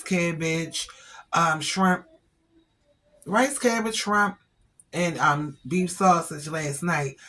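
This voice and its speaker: A woman vlogger who is also a family caregiver chats casually to her viewers, retelling her day to camera with lots of quoted dialogue. Her voice is fairly low in pitch and a bit bright.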